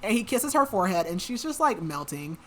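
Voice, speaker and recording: A woman's voice: medium pitch, sing-song, fairly quick. A woman hosting a podcast, retelling a book's plot in a casual, chatty way full of fillers. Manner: chatty, filler-heavy retelling with many likes. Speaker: podcast host. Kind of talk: casual book recap.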